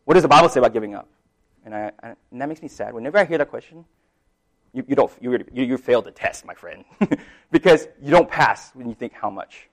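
A man preaching in a relaxed, conversational way, like a pastor talking with his congregation. His voice sits at an ordinary middle pitch. He drops to near-quiet asides, then rises to emphatic points, checking in with his listeners as he goes. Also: a little fast. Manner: conversational, lots of "right?" asides and laughs; loudness swings widely between soft and emphatic. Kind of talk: sermon.

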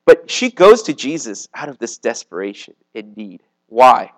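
A man's voice: medium pitch, very animated, moderate pace, few pauses, fairly bright tone, low-quality recording. A man, likely a youth pastor, preaching a casual sermon to a young live audience in a conversational way, with lots of "like" and "okay?". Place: meeting room with a live audience.

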